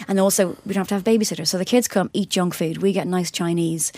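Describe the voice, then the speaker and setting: A woman's voice: on the low side, fairly even intonation, fast, mellow, no echo. An Irish woman co-hosting a podcast, chatting and telling stories with easy laughter. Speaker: podcast co-host. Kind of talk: casual chat.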